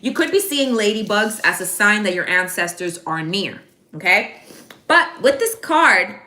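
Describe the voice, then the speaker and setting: A woman's voice: medium pitch, sing-song, a little slow, pushed and bright. A woman giving a casual live tarot reading, chatty and slangy, speaking straight to her viewers by name. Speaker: tarot card reader. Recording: echoey room.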